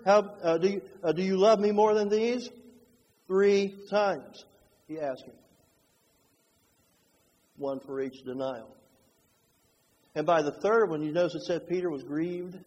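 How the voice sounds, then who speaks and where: A man preaching a sermon, moving between hushed, slow passages and fervent, rising ones. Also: high voice, highs cut off. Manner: dynamic, swings from hushed to fervent. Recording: long hall reverb.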